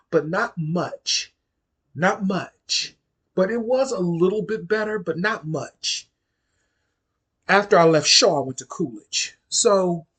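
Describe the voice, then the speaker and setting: Husky-voiced, blunt D.C. man telling a story. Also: high voice, a bit bright. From Washington, D.C. area. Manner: blunt, profane, emphatic, repeats phrases for stress. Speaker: vlogger. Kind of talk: casual storytime monologue.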